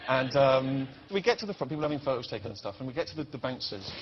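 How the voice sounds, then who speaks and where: A man's voice: mid-range voice, very animated, quick pace. A man telling a rambling, self-deprecating story as a talk show guest, full of fillers. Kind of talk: chat show anecdote. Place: TV studio with live audience. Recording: muffled TV broadcast with audience noise.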